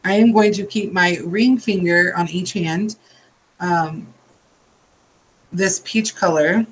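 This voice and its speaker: High-voiced tired man chatting through a tutorial. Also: slow pace, a bit bright, breathy edge, low-quality recording. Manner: chatty, rambling asides while working. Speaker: nail art tutorial host. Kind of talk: casual step-by-step tutorial.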